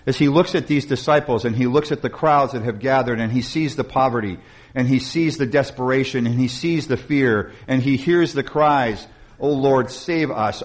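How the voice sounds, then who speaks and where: A man preaching, building up with emphasis and then dropping into slow, quiet passages, with some restarts. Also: mid-range voice. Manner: restarts and repeated words. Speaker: pastor. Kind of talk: sermon.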